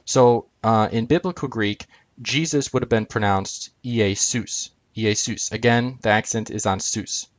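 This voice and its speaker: Hesitant low-voiced man explaining slowly. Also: dry recording. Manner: hesitant, many ums and uhs, pointing at on-screen letters. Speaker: video presenter explaining Greek spellings. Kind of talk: casual screen-share explanation.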